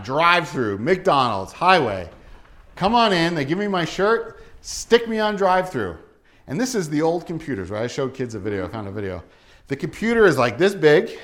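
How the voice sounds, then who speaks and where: A man in his forties from New Jersey preaching a sermon, telling stories with acted-out voices. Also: mid-range voice. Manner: animated storytelling with acted-out quotes.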